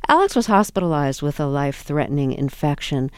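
Low, smooth-voiced woman interviewer. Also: animated, a little fast, a little mellow, no room sound, studio quality. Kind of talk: radio interview questions.

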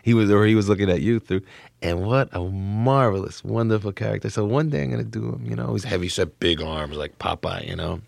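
A very low, gravelly male voice. He is a comedian from the New Jersey suburbs, rambling and excitable in an interview, and keeps tripping over restarts. The sound is dry and close. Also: a little fast, dry recording. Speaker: comedian guest. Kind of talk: casual interview talk.

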